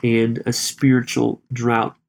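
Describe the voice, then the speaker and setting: A man's voice: medium pitch, completely flat delivery, gravelly. Guy chatting about a bible chapter, stops and restarts a lot. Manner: conversational, halting, with many restarts. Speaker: Bible study co-host. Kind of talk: casual Bible discussion.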